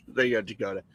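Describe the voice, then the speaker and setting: Teasing co-host with a dry close sound. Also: male voice, fairly low pitch, bright, forceful tone, no echo. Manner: crude, teasing, laughs often. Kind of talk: casual live-stream chat.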